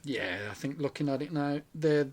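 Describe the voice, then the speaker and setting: A man, co-hosting a podcast in casual chat and recommending things enthusiastically with quick asides. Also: a little high, animated, a crowd in the background. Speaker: podcast co-host.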